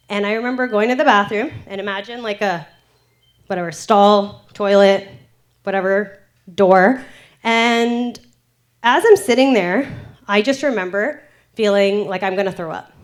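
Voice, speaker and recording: A woman in her thirties from Canada telling a candid personal story on stage, animated and frank, acting out her own quotes. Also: mid-range voice. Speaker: storytelling speaker. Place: event stage before an audience.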